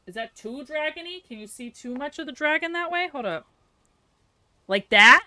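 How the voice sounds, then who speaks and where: Bright, chatty Southern woman streamer. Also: high voice, lively intonation, brisk, dry recording. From American South. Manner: chatty, giggly, thinks aloud and mutters to herself. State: sleepy. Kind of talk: casual live-stream chat while building.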